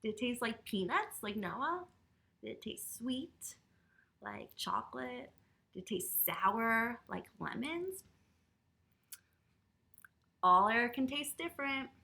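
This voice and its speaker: A woman reads a picture book aloud to children, with a clear, bright voice pitched a little high. She speaks slowly and playfully, and turns often to talk straight to her young listeners. Her manner is animated throughout. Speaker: children's storyteller and yoga teacher.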